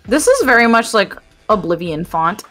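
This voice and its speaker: A woman's voice: mid-range voice, sing-song, normal speed, fairly bright tone, faint music behind. A woman streaming a game, chatting casually, swearing freely and reading in-game text aloud. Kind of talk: casual co-op gameplay chat.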